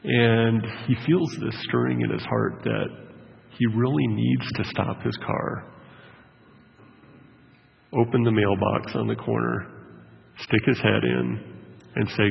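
A man's voice: medium pitch, measured pace, vocal fry. A male pastor giving a sermon, telling a story in a conversational way with many fillers. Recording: dull lo-fi sound with long hall reverb.

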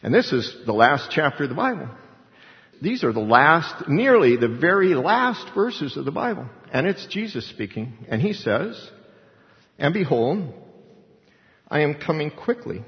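A man's voice: fairly high pitch, very animated, unhurried. A man preaching a sermon, earnestly quoting scripture and acting out prayers with emphasis. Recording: dull sound with long hall reverb.

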